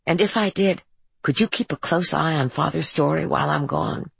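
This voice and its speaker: A careful, resolute young woman, as a woman narrator reads her in an audiobook, choosing her words in a measured way. The voice is low and husky. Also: no echo, heavily acted.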